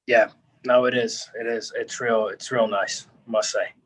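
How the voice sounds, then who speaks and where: Young guest, relaxed, halting answers, mid-pitched voice. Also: male voice, poor audio. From South Africa. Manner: easygoing, halting. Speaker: rugby player guest. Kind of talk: casual interview answers.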